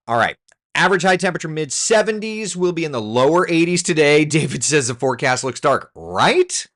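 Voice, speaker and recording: This man's voice runs on the high side, very animated and fairly bright, at a moderate pace. Hosting a casual weather live stream, he jokes and chats with viewers as he works through the forecast, pretending to be fed up with his computer.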